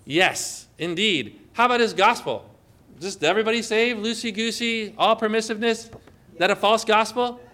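A man's voice: high-pitched, moderate pace, bright, forceful tone. A man preaching a sermon to a congregation, emphatic and asking them questions. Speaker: pastor.

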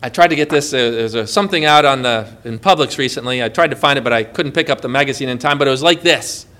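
A man preaching a sermon in an animated way, often putting questions to the congregation. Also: mid-range voice, quick pace. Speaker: pastor.

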